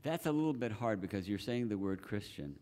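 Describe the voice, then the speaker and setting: Measured, teacherly man. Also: on the low side, lively intonation, mellow. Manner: measured, teacherly, with fillers and restarts. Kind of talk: explanatory talk with questions. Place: church hall.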